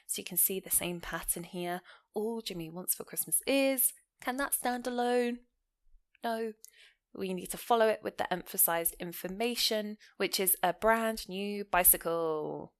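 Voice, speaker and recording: A woman teaching a grammar lesson. She explains points clearly and leans hard on key words, often. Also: mid-range voice, a little slow. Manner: explanatory, stressing key words with lively rises and falls. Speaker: English teacher.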